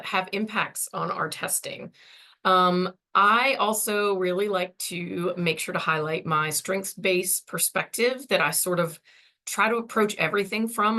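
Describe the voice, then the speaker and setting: A woman's voice: on the low side, bright, forceful tone. A woman in her forties, losing her voice, giving a friendly, chatty conference presentation over a video call. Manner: friendly, chatty, many ums.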